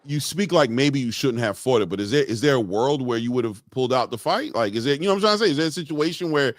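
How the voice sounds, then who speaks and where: A man's voice: mid-range voice, animated, fast, no room sound, studio quality. A man hosting a casual interview, asking long, rambling questions full of fillers and backchannel replies. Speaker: interview host.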